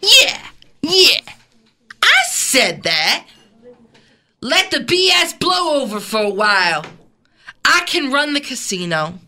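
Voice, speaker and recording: A woman voicing a nervous male casino boss, talking slowly in a put-on voice with an accent that keeps shifting. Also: high-pitched, sing-song, bright, forceful tone, heavily acted. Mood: insistent. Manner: slow, drawling, wavering, accent shifting between put-on voices. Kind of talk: comic movie-scene reenactment.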